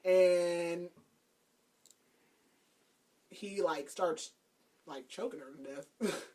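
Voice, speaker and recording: A woman's voice: on the low side, drawn-out words, mellow. A woman podcast host casually recapping a book's plot, chatty and laughing, with lots of "like". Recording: voice a bit far from the mic.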